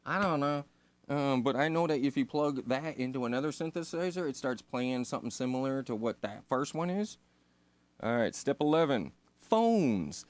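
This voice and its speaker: A man's voice: medium pitch, animated, moderate pace. A man reading a synthesizer manual aloud and breaking off into laid-back, self-deprecating commentary with casual swearing. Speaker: synth hobbyist host.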